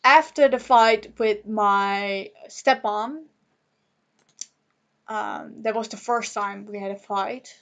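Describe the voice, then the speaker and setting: Young woman talking to her camera, upset, rambly and halting, nervous laughs, kinda high voice, slow. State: upset and emotional. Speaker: vlogger. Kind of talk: emotional personal monologue to camera.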